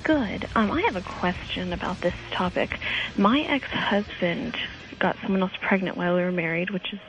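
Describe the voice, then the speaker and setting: A woman's voice: fairly low pitch, moderate pace, soft background music. A woman calling in to a radio show, talking in a chatty, candid, gossipy way. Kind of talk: phone-in conversation. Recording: dull lo-fi phone line with faint hiss.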